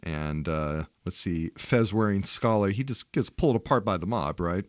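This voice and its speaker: A man with a fairly low voice co-hosts a casual movie podcast. He chimes in with frequent agreement and stumbles over repeated words as he gets going. The recording is close and dry. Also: moderate pace, no echo. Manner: agrees often, repeats words as he starts sentences. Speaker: podcast co-host.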